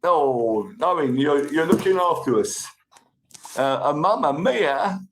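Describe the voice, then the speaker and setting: A man from the UK with a British accent, hosting a livestream and chatting casually through viewer comments, upbeat and a bit overexcited, his voice croaky. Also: on the high side, animated, takes it slowly, a little hiss or hum. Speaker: livestream host.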